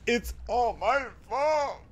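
A man's voice: very high-pitched, lively intonation, slow, pitched above the performer's own voice, exaggerated voice. A man putting on a guilt-ridden grandmother's voice. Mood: anguished. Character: guilt-ridden grieving grandmother, old woman.

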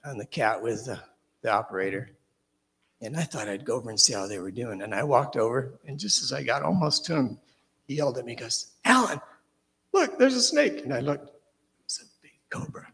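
A man preacher telling a children's story during a church service, animated and dropping to hushed suspense. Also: mid-range voice, a little fast, gravelly. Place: church sanctuary. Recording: reverberant church hall.

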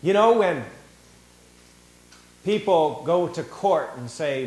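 A man preaching a sermon in a church, animated and theatrical, acting out the voices of the people he talks about. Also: a little high, takes it slowly, long pauses, roomy sound, low-quality recording. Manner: animated, acts out quoted voices. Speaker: pastor. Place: church sanctuary.

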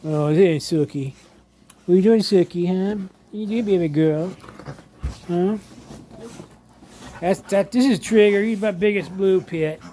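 Slow-talking man doting on his dogs. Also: high voice, dark tone, a little hiss or hum. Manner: slow, drawling, doting, laughs often. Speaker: vlogger showing his dogs. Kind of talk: casual home vlog, talking to pets. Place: home living room.

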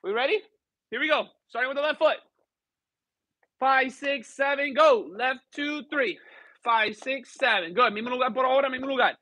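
Male dance instructor leading a class, bilingual, playful, counts steps aloud; very high, bright voice, dry. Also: moderate pace, no room sound. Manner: counting steps aloud, mixing English and Spanish, joking with students. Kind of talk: teaching a live dance class. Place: dance studio.

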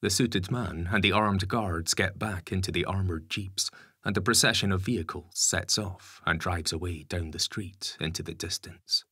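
A man narrating an audiobook story in a measured, even storytelling manner. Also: sits low, husky, no echo, studio quality. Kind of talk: scripted narration.

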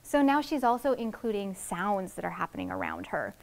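A woman teacher reading a story aloud to second graders and explaining its writing in an expressive, friendly way. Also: medium pitch, brisk, creaky. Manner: expressive, explaining to young children.

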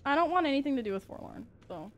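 Brief: young woman from Canada, playful game streamer, fairly high voice, faint hiss behind. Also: animated, fast, lo-fi sound. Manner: playful and giggly, reads chat aloud. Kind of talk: casual gaming livestream chat.

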